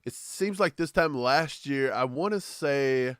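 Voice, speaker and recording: On a sports podcast from Kentucky, a co-host trades laid-back jokes and casual chat. His mid-range voice is clear, resonant and fairly bright, he speaks a little slowly, and the studio recording is clean and dry.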